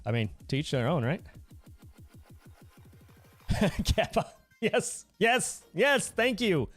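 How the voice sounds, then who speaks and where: Soft music plays under this man's smooth, somewhat high voice as he hosts a casual livestream at a slightly slow pace. He's goofy and lively, laughing often while reading the chat aloud to his viewers.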